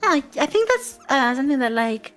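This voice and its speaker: A woman with a fairly high voice asks questions and rambles through her answers in a casual chat. She clears her throat often and fills pauses with lots of fillers. Faint music sits behind her. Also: sing-song, fairly bright tone. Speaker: guest interviewer.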